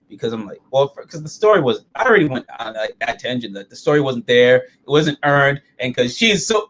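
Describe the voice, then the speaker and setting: A man hosting a casual review chat, rambling and swearing freely as he talks through an episode. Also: on the high side. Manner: animated, profane, rambling. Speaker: show host reviewing episodes.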